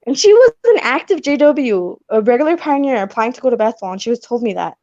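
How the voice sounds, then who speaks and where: Young woman rambling thru her story on a call, highish voice, kinda muffled dry audio. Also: very animated, fast, hardly any pauses, warm tone, no room sound. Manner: rambling, apologetic, lots of "like". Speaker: guest sharing her story. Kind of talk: casual personal story on a video call.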